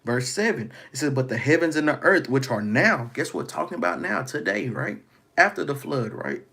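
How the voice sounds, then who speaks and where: Gravelly, husky preaching man. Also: mid-range voice, very animated, normal speed, pushed and bright. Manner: preaching with frequent "man" and "guess what". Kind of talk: street-style scripture teaching.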